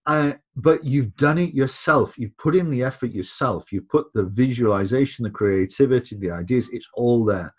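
A man's voice: medium pitch, moderate pace, few pauses, a little mellow, slightly rough. A man speaking as a podcast guest in casual conversation, emphatic, and repeating words when he presses a point.

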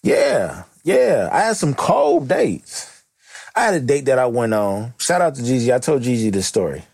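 A man's voice: medium pitch, big pitch swings, moderate pace, creaky, darkish tone, slightly rough, dry recording. Blunt, slangy middle-aged male podcast host. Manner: joking, rambling, slangy and blunt. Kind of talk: casual comedic monologue.

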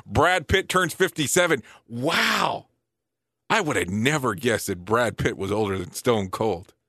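A man around forty hosting a casual show, reading lists quickly and breaking in with surprised, joking asides. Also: mid-range voice, animated, pushed and bright, slightly rough, no room sound, studio quality. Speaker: show host.

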